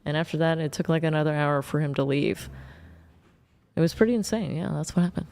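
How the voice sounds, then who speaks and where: Casting: young woman, guest on a dating panel, blunt and profane storyteller, smooth clear voice. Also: sits low, a little fast, a little mellow. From Oklahoma.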